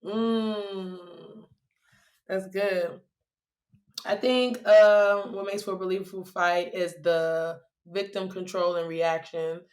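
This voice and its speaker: A woman guest on a podcast chats loosely about her work and keeps breaking into laughter. Her voice sits at an ordinary pitch for a woman, and she tells her stories with animated energy. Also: slow pace. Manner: laughs often, animated storytelling. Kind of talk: casual interview chat.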